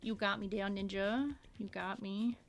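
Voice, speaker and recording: A woman's voice: mid-range voice, steady tone, normal speed, creaky, soft background music, close to an everyday voice. A woman streamer putting on a sweet, playful uwu baby-talk voice, lisping and drawing out her words as she chats while drawing. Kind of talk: casual live-stream chat while drawing.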